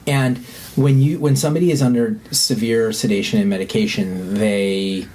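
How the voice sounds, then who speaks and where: A man who is a podcast guest, telling a candid personal story in an earnest, halting way and swearing when heated. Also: lowish voice, steady tone, dark tone, husky.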